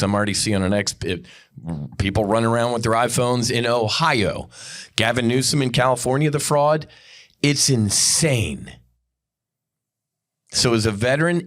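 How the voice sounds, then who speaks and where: Podcast host, male, low-pitched, angry unscripted rant, blunt and profane. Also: a bit bright. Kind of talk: unscripted ranting monologue.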